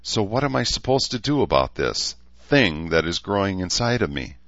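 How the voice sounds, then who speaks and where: Audiobook: male narrator doing a tired, dry-witted mother, deep voice raised slightly, flat dull audio. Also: moderate pace, no echo, heavily acted. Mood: weary. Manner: dry, exasperated. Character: middle-aged woman doctor, weary and sardonic mother.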